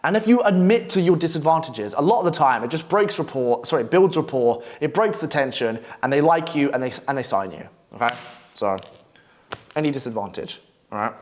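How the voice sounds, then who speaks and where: A man's voice: fairly high pitch, lively intonation, a little fast, a little mellow. A brash young man coaching copywriters, telling stories in a blunt, swearing monologue. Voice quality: brash, swearing, storytelling delivery. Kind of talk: profane, blunt advice monologue.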